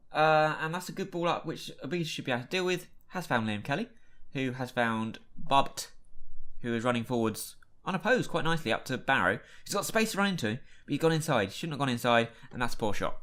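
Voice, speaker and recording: A man casually commentating his own football management game, chatty and given to exasperated outbursts at what happens. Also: medium pitch. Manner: chatty, reacts loudly to match events with exasperated outbursts. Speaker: gaming YouTuber. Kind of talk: casual Let's Play commentary.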